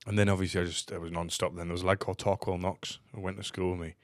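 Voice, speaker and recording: A man's voice: low voice, flat delivery, racing, no echo, studio quality. A man co-hosting a casual comedy podcast, rambling and trailing off with fillers. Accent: English. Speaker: podcast co-host. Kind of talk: casual chat.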